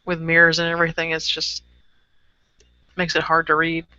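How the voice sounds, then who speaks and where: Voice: mid-range voice, completely flat delivery, moderate pace, sharp tone, clear, resonant tone, no echo. A co-host in a casual chat about painted miniatures, talking hesitantly with many fillers. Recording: dry lo-fi sound.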